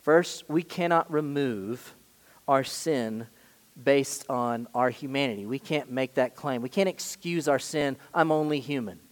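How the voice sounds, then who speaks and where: A man preaching a sermon as pastor, emphatic, swinging between loud stresses and quiet asides. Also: mid-range voice, a little slow, big-room sound.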